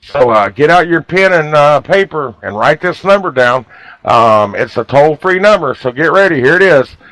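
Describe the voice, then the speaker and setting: Male talk radio host, folksy and heated, slightly high voice, dry close mic. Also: expressive, normal speed, fairly bright tone, no room sound, rough recording. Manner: folksy, fired-up, keeps saying "you guys".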